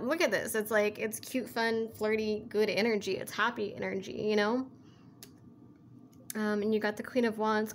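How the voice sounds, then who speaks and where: A woman's voice: medium pitch, a bit bright, a little hiss or hum. A woman giving a casual tarot reading who rambles, repeats herself and keeps saying "like" and "you know", in an earnest, coaxing way. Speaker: tarot reader.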